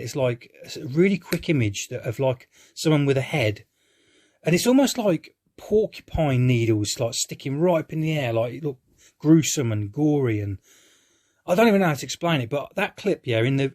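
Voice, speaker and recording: A man's voice: medium pitch, lively intonation, fairly quick, a little mellow. Rambling, frustrated man. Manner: rambling, hesitant, frustrated, swears casually. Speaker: film reviewer. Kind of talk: live-reaction film review monologue.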